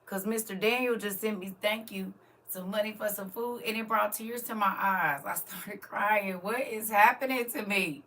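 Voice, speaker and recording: Middle-aged woman, live-stream chat, bright tense tone, animated, talks straight to viewers, laughs often. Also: medium pitch, normal speed. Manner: animated and emotional, swinging between quiet musing and loud exclamations; chatty, laughs often, addresses viewers directly. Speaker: livestream host.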